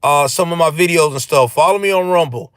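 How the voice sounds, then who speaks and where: A man hosting a live stream, giving ranting political commentary in a profane, animated way and answering his chat. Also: a little high, a little fast, no room sound.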